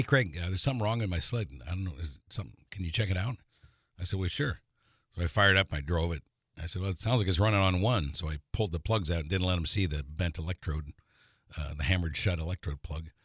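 A middle-aged man with a very low, deep voice tells an outdoor prank story on his radio show. He rambles with plenty of fillers and chuckles. The sound is close and dry, with no room around it. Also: fairly bright tone, no echo. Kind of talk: casual storytelling.

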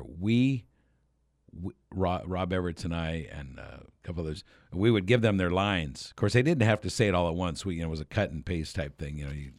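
A man's voice: low-pitched, a little mellow, no echo, studio quality. A man hosting a radio show, casually telling a rambling story with chuckles and restarts.

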